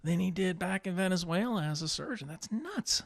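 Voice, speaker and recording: A man with a stuffy nose, a podcast guest in casual conversation, telling animated anecdotes with big swings in his voice. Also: sits high, brisk, creaky, dry recording, studio quality.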